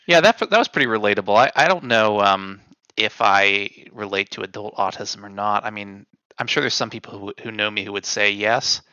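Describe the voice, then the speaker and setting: A man's voice: on the low side, a little fast, hardly any pauses, sharp tone, clean tone, no echo, lo-fi sound. A man in casual podcast chat, loose and joking. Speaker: podcast co-host.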